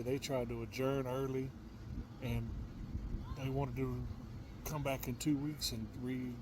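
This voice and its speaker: A man giving casual political commentary on his own channel, halting and often repeating his words. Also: mid-range voice, noisy background. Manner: repetitive, halting, stumbles over words.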